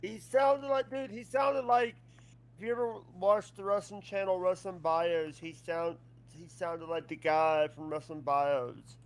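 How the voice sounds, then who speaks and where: A man's voice: high-pitched, fairly even intonation, measured pace. A man in a casual podcast chat who stammers and says dude.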